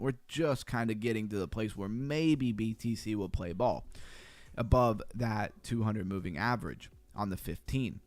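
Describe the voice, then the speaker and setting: A man hosting a crypto livestream, talking fast and chatty as he walks through charts and greets viewers. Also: fairly low pitch, a little mellow, no room sound. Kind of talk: casual livestream chart analysis.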